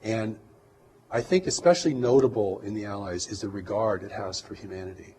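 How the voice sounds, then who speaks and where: A man with a somewhat low voice speaks as an interview guest, calm and reflective. He sounds earnest as he explains at length. A faint bed of noise runs behind him. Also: a little fast, rough recording. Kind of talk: interview talk.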